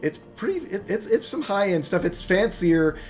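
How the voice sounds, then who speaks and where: Rambling American game master. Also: male voice, sits high, very animated, normal speed, darkish tone, soft background music. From United States. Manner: rambling, filler-heavy storytelling. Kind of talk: narrating a tabletop game.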